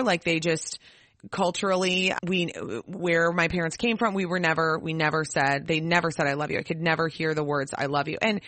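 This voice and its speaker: A woman co-hosting a parenting podcast, chatting in a lively, casual way with lots of "like"s and quick laughs. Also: sits low, no room sound. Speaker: podcast co-host.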